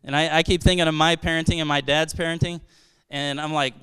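A man from Brazil preaching to his congregation in a high, very clear voice. He talks earnestly and conversationally, restarting phrases and tossing out rhetorical questions. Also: little pitch movement, fairly quick, sharp tone. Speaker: pastor. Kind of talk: sermon.

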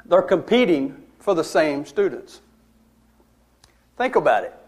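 High-voiced man preaching a story. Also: very animated, measured pace, a little mellow. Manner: conversational, emphatic, with wry asides and laughs. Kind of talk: storytelling sermon.

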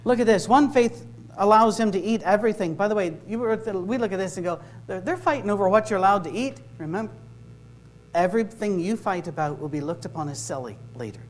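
A middle-aged man with a Scottish accent giving a humorous sermon-style talk to a live audience, conversational and full of quick asides. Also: sits high, darkish tone. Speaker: campus ministry speaker. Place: workshop room with a live audience.

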